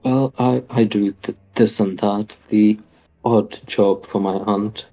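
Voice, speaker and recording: A man's voice: on the low side, fairly even intonation, slow pace, mellow, soft background music, rough recording. A man playing a shy stammering hobbit. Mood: timid. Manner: hesitant, stammering, polite. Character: timid young male hobbit.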